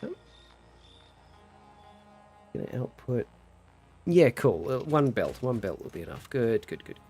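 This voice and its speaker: A man's voice: medium pitch, measured pace, soft background music. A young man chatting casually while streaming a game, telling stories and reading chat aloud. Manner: chatty, animated storyteller, reads chat aloud.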